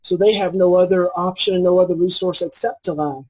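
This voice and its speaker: Calm husky man in his forties. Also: high-pitched, a little fast, rough recording. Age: 40s. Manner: calm, earnest, repeats key phrases. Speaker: parenting expert guest. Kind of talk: conversational explaining.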